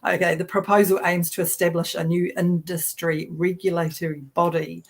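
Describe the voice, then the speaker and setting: A woman's voice: lowish voice, flat delivery, normal speed, few pauses, husky. A woman with a New Zealand accent co-hosting a political livestream, chatty and sarcastic, often restarting her sentences. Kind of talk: casual political talk show.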